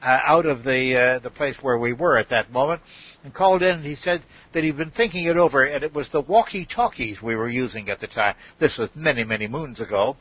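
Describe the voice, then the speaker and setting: An older man, a guest in a podcast interview, telling an anecdote in an unhurried way with many fillers. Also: mid-range voice, slightly rough, dry recording. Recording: dull lo-fi audio.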